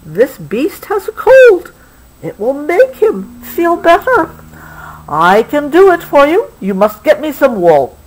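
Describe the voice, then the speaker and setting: A woman reading a picture book aloud, giving the lines of a kind, brisk female vet. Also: sits high, wildly swooping pitch, a little hiss or hum, voice pushed up, full character voice, rough recording. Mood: reassuring.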